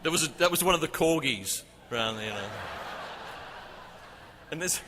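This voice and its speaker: A man teaching about worship at a conference, animated as he tells a story. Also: on the high side, normal speed, noisy background. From England. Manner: animated, acts out shouting crowd. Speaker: worship leader. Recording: reverberant hall, faint ambience.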